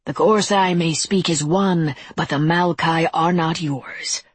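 A woman voicing a rasping defiant monster. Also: sits low, fairly even intonation, slow pace, dry recording, heavily acted. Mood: bitter. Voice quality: rasping, whispery growl.

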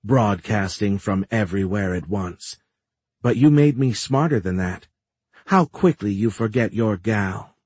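Brief: rogue female AI in an audiobook, sing-song and teasing, husky edge under the lilt, put on by a man. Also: fairly low pitch, animated, unhurried, darkish tone, dry recording. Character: feminine sing-song rogue AI, playful and menacing.

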